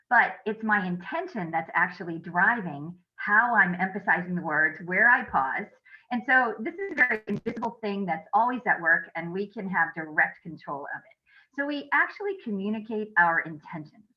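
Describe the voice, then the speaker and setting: Earnest woman coach in a muffled webinar. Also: medium pitch. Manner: earnest and explanatory, with frequent um fillers and rhetorical questions. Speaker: leadership coach giving a webinar talk. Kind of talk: interactive webinar presentation.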